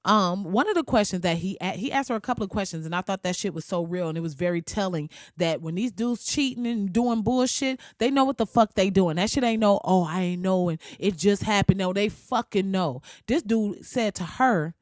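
A woman in her thirties talking casually as a podcast host, loud and profane, her voice jumping high for emphasis. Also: a little fast, few pauses, dry recording, clean studio sound. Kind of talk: casual solo commentary.

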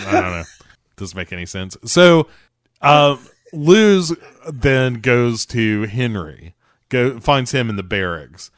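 A low-voiced podcast co-host casually recaps a TV episode, telling it with animated storytelling and acting out the characters' lines. The recording is studio quality with no echo.

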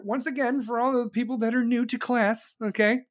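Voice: medium pitch, steady tone, fast talker, hardly any pauses. An American host ranting about politics to viewers, blunt and sarcastic, with heavy swearing. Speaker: online show host. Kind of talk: profane political rant to viewers.

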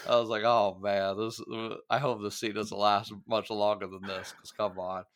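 A man co-hosting a podcast, chatting casually and laughing through quick asides. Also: fairly low pitch, little pitch movement. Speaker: podcast co-host.

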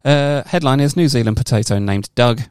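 A man's voice: medium pitch, a little fast, darkish tone, clear, resonant tone, dry recording, clean studio sound. A man co-hosting a casual podcast, rambling and joking through a news story and swearing freely. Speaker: podcast co-host.

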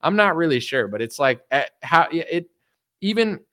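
A man doing casual political commentary, talking quickly and mockingly with many fillers and acted-out quoted voices. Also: on the high side, expressive, pushed and bright, dry recording, clean studio sound. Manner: rapid, mocking, full of fillers.

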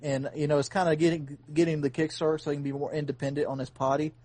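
A man with a slightly high voice tells a long story in a casual podcast chat. He rambles earnestly and restarts often. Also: level tone, fast, dark tone, no room sound.

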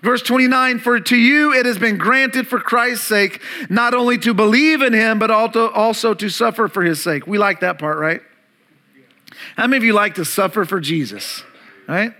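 A man with a high, bright voice preaches a sermon as pastor. He leans on key words, repeats phrases for emphasis and throws questions out to the congregation.

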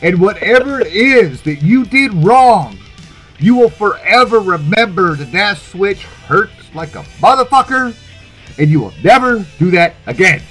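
A podcast co-host with a high-sitting, slightly rough voice tells stories at an unhurried pace, faint music playing behind him. He is an animated storyteller who swears freely and laughs often in this casual chat.

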